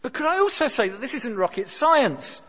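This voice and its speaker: A man preaching a sermon, emphatic and expressive, dropping his voice low for dramatic lines. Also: normal speed, breathy edge. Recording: dull sound with long hall reverb.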